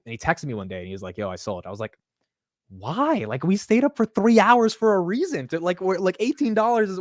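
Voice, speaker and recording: A man's voice: lowish voice, dry recording, studio quality. A young man hosting a livestream, chatting casually in a loose, rambling way and saying "dude" a lot. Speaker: livestream host. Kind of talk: casual stream chat.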